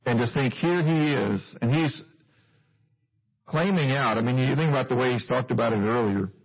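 A man's voice: medium pitch, normal speed, slightly rough. A male preacher giving a sermon, teaching earnestly and putting questions to his listeners, on a dull lo-fi recording.

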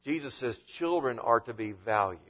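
A man preaching a sermon as a pastor, with animated delivery and frequent rhetorical questions. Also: mid-range voice, normal speed, dull audio.

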